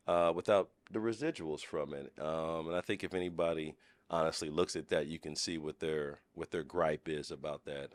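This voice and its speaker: A man's voice: extremely low pitch, no room sound. A man, an actor, talking as a guest on a podcast in a playful, casual way, with frequent fillers and restarts. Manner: playful, laughs often, many fillers and restarts. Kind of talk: casual interview chat.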